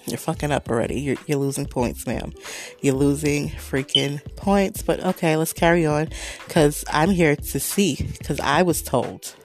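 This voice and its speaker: A woman hosting her own show, telling a story in a sarcastic, animated rant with frequent swearing. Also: deep voice, unhurried, faint music behind. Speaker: podcast host. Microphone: desk microphone.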